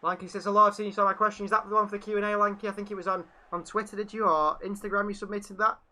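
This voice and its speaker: Man, fan match commentary, quick pace, bright tone, reads viewer chat. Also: high voice, level tone. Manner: chatty, reads out viewer chat between play calls. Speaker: fan channel host.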